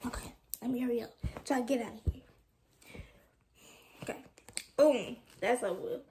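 Young woman, high voice, casual vlog, frustrated, rambling venting. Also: moderate pace, mellow, a little hiss or hum. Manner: frustrated, candid, rambling with restarts. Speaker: vlogger.

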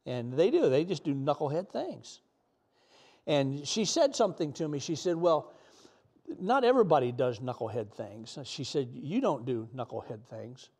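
A man's voice: fairly high pitch, very animated, normal speed, a little mellow, breathy edge. A middle-aged man preaching a sermon in an earnest, emotional way, sometimes close to tears.

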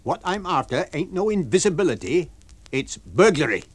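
A man's voice: on the high side, sing-song, normal speed, breathy edge, pitched above the performer's own voice. A man doing a blustering country constable. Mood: dogged. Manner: dialect speech, dogged and loud. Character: blustering rustic village constable, male. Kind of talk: radio book reading.

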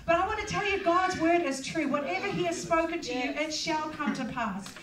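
A woman's voice: extremely high pitch, brisk, crowd noise. A middle-aged woman pastor, preaching in a personal, conversational way with plenty of fillers. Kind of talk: sermon. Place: church hall. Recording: echoey hall, distant mic.

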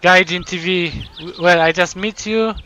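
A man's voice: high-pitched, steady tone, moderate pace, sharp tone, no echo. A male live streamer thanking donors while overwhelmed and close to tears, stammering and repeating himself.

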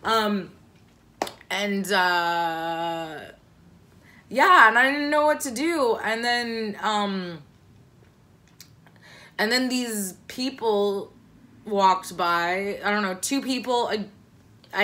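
A young woman with a bright, forward voice at a middle pitch tells a story to camera in a loose, rambling way. She swears freely and fills gaps with likes and ums. When she quotes herself, her voice jumps shrill and loud. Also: lively intonation, slow, pauses often. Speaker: vlogger telling a personal story. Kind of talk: casual storytime monologue.

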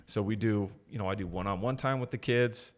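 A man's voice: lowish voice, fairly quick. A man in his thirties, a podcast guest, talking candidly and reflectively about his family in casual conversation. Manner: candid, reflective storytelling with quoted voices.

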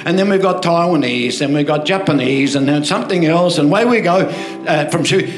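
Telling animated stories from the pulpit, this older Australian pastor speaks fairly quickly in a slightly high voice and regularly asks for amens. The church hall echoes, and music runs underneath.

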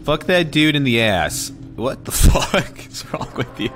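A young man giving excitable let's play commentary as a gaming streamer, swearing freely and reacting loudly to the game. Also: medium pitch, unhurried, hardly any pauses, faint music behind.

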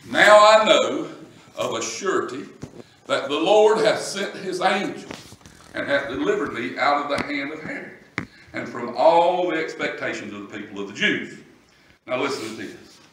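A man preaching a sermon, swinging from low scripture reading to loud shouting. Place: church. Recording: echoey church room from a distant mic.

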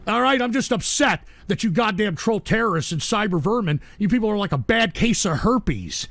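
A man's voice: sits high, animated, moderate pace, fairly bright tone, no echo. A man hosting a livestream show, reading viewer donations and ranting at trolls with irritable, profane outbursts. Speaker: host.

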